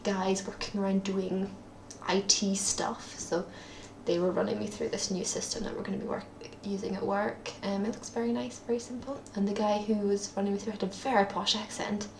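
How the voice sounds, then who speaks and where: A woman's voice: medium pitch, flat delivery, moderate pace, gravelly, few pauses, reverberant, noisy background. A young woman with a Scottish accent, chatting in a rambling, self-deprecating way for her daily video diary, with lots of ums. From Scotland. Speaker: vlogger. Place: at her parents' home, indoors.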